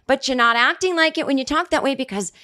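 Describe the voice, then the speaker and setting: A woman in her forties hosting a comedy podcast, talking in a rambling, sarcastic monologue full of restarts, jumping up in pitch for mock quotes. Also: quick pace, bright, forceful tone. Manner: rambling, sarcastic, self-interrupting, with many restarts. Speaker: podcast host.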